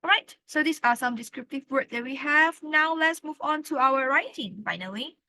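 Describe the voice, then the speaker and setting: Woman English teacher; bright, fairly high voice; patient, repeats words. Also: no echo, poor audio. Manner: explains slowly, repeats key words, says "all right" often. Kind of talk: classroom lesson.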